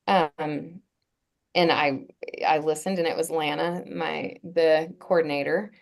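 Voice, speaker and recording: A woman guest on a podcast, telling a personal story in a casual, earnest way, pausing often with fillers and restarts. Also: deep voice, a little mellow. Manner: halting, with frequent "um" and restarts.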